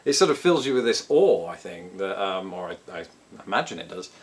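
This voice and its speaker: British vlogger, jokey and self-mocking, pitch bouncing up and down a lot. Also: male voice, sing-song, brisk. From Britain. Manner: joking, self-deprecating asides. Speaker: vlogger answering viewer questions. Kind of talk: casual chat to camera.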